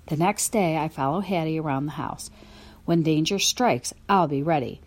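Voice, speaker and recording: A woman with a low voice narrates a children's audiobook at a moderate pace, speaking in first person from a dog's view. Her storytelling is expressive and lively.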